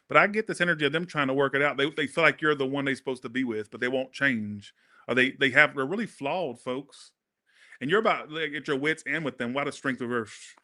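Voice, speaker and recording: A man with a drawl runs a casual tarot reading, his voice bright and forward. He talks to his viewers directly, blunt and sassy, and keeps the energy animated. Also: mid-range voice. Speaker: tarot reader.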